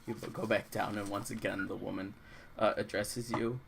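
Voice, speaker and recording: A man's voice: on the low side, level tone, normal speed, vocal fry, background noise. A man running a tabletop game as dungeon master, narrating casually with many fillers.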